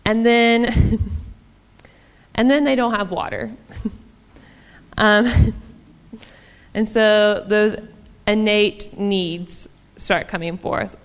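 A woman's voice: mid-range voice, fairly even intonation, extremely slow, pauses often, clean tone, big-room sound. A woman giving a casual, chatty sermon in a church, with frequent ums and small laughs. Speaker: church speaker.

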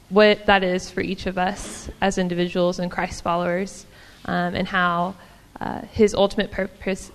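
A woman's voice: medium pitch, clean tone, in a large hall. A woman giving a casual, chatty sermon in a church, with frequent ums and small laughs. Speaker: church speaker.

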